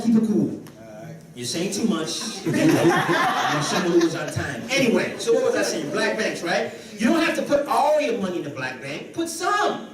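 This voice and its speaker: A man from the Caribbean gives an animated conference talk on business, bantering with the crowd. His voice sits high for a man. He is heard from a distance in a very echoey hall. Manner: animated, joking with the audience. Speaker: conference speaker.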